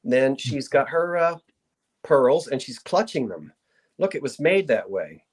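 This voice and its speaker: A woman's voice: a bass voice, sing-song, unhurried, a little mellow, husky. A woman hosting a live online sale, describing an item in casual, rambling chat full of asides.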